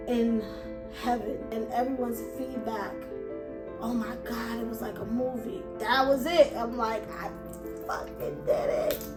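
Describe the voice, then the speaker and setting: A woman in her thirties with a fairly high voice tells her own story, animated and blunt. She acts out her past thoughts with swearing. The room echoes and music plays clearly behind her. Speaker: vlogger and self-published author. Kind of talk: casual storytelling to camera.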